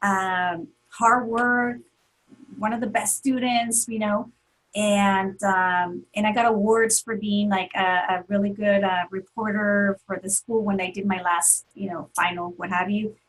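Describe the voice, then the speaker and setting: A woman's voice: mid-range voice, steady tone, a little slow, poor audio. A woman telling an emotional personal story as an interview guest, earnest, with many fillers and restarts.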